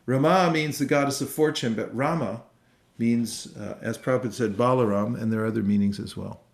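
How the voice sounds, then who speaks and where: A man giving an online devotional lecture and answering live questions, speaking in an unhurried, conversational way with frequent fillers. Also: medium pitch, vocal fry. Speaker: temple speaker. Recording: roomy echoey sound.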